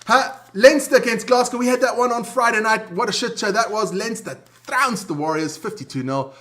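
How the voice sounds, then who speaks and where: A man co-hosting a sports chat show from South Africa, loud and jokey, swearing and greeting his chat viewers. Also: extremely high pitch.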